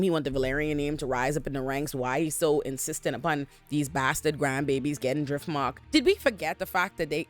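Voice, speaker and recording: A vlogger recapping a TV episode from a bedroom on their own camera, telling it in an animated, profane, slang-heavy way. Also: medium pitch. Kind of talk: casual recap commentary. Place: bedroom at home.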